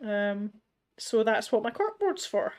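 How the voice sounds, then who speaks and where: Her mid-range voice swings widely in pitch and moves a little slowly. A middle-aged woman from Scotland, she hosts an art livestream at her home studio, reading viewer comments in easygoing, self-mocking chat full of laughter and restarted sentences.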